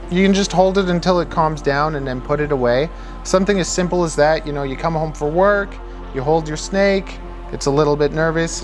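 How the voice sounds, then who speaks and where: Young man, slightly high voice, casual and rambling, hands-on pet advice, faint music underneath. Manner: chatty, rambling with restarts, mimics owners in high squeaky voice. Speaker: reptile keeper giving pet care tips. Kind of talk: casual instructional video.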